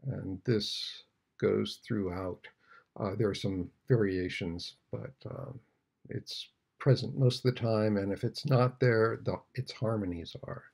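An older man giving an unhurried, thoughtful music lesson, sometimes singing out rhythms. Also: medium pitch, vocal fry, mellow. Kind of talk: relaxed video lesson on music.

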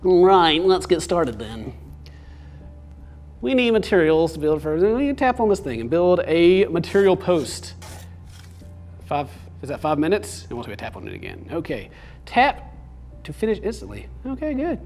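A young man hosts a casual let's-play, rambling and joking as he taps through a game. His voice is slightly high for a man, and his pitch swings widely. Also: sing-song, moderate pace, a little mellow, soft background music. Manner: goofy, rambling, self-amused. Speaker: gaming video host.

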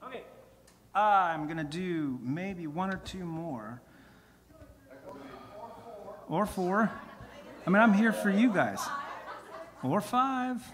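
The man's voice is high-pitched and animated, a bit bright, slow, and broken by long pauses, with slight background noise. He is a singer-songwriter performing live, his voice tired from singing, telling rambling stories between songs that keep interrupting themselves. The concert stream from the music venue stage has a long hall reverb.

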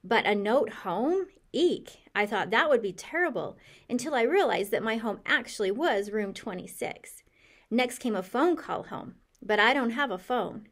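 A woman's voice: a little high, lively intonation, moderate pace, fairly bright tone. Woman reading a children's story aloud. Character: cheerful curious hamster narrator. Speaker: audiobook reader. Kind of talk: storybook narration.

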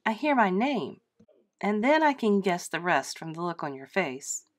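Whiny stubborn little girl in a read-aloud play, a teacher doing the voice, a bit higher and brighter than her usual. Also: big pitch swings, normal speed. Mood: protesting. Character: stubborn eight-year-old girl.

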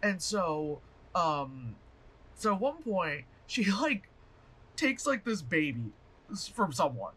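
A man chatting through a movie review vlog, animated and profane, rambling with fillers and laughs. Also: sits high, slow pace, breathy edge.

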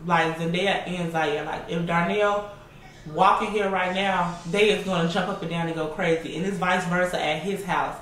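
A woman's voice: on the low side, fairly even intonation, normal speed, fairly bright tone. A young woman vlogger answering viewers' questions in a casual, chatty way, laughing often and calling her audience y'all. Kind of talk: casual Q&A vlog. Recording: echoey room, mic a bit far, faint noise.

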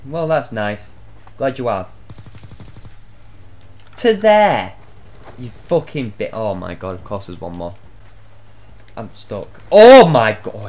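Exasperated man commentating his gameplay. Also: medium pitch. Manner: swears a lot, exasperated outbursts. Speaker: gaming channel host.

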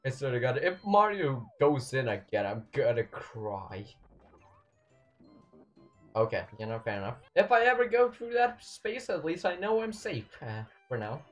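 A young man commentating his own gameplay, excitable, swinging between yelling and muttering at the game. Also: medium pitch, a little slow, soft background music. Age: young adult. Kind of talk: let's play commentary.

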